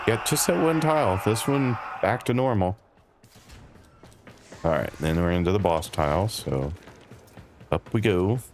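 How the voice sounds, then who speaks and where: A man's voice: lowish voice, a little slow, long pauses, faint music behind. A man casually chatting with his viewers while playing a game on a live stream. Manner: relaxed, chatty, talks to chat by name.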